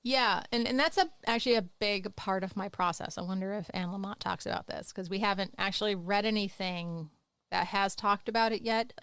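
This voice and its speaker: A woman chats on a writing podcast, jumping between lively explanation and playful teasing as she would with her students. Her voice is mid-pitched and sits close to the mic in a dry, unreverberant recording. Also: a little fast, clean tone, no echo. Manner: animated, playful teacherly asides. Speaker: podcast co-host. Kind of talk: casual podcast chat.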